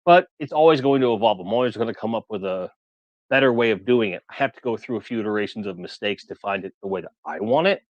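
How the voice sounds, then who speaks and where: Guy with a lowish voice hosting a collector livestream, rambly casual chat, reads comments out, dry close sound. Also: animated, quick pace, no echo, highs cut off. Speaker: toy collector livestream host.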